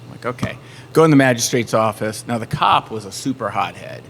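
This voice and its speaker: On a podcast, a Southern American band member tells a story with animation, acting out everyone's lines. His mid-range voice moves briskly, with slight background noise.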